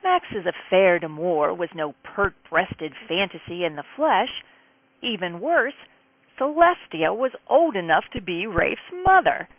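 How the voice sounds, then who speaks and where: A woman's voice: on the low side, sing-song, a little slow, no echo. A woman author reading an excerpt from her own novel aloud with dramatic, emphatic storytelling. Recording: tinny phone-like dry sound.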